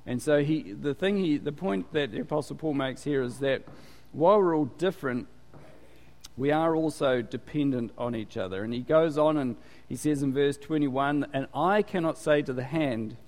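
A man's voice: a little high, moderate pace, a little mellow. A man preaching a conversational sermon as pastor, often asking the congregation questions and waiting for answers. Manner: chatty, quizzes the congregation. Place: church. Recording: long reverb of a hall.

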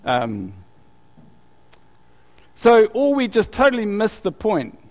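Pastor preaching in a reverberant hall. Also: male voice, sits high, huge pitch swings, slow. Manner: conversational, rhetorical questions, repeats words. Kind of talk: sermon.

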